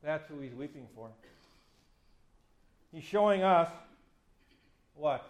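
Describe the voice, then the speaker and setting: Fifty-something pastor preaching in an echoey church. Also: male voice, fairly high pitch, animated, slow. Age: 50s. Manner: conversational, self-deprecating, acts out quoted speech. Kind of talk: sermon.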